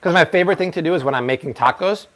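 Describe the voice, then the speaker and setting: A man in his thirties hosting a live-stream cooking demo, chatty and energetic, now and then slipping into playful broken Spanish. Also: on the high side, very fast, slight background noise. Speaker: cooking show host.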